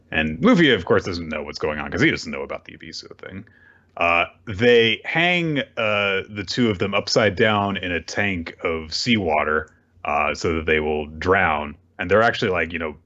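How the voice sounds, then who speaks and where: Deep-voiced man casually recapping. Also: a bit bright, highs cut off. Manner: casual, with fillers and swearing. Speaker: podcast host.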